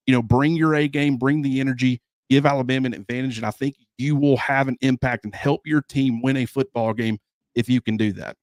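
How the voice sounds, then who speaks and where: A man co-hosting a sports talk show, speaking in a measured, earnest way. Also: medium pitch, fairly even intonation, darkish tone, dry recording, clean studio sound. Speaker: sports analyst co-host.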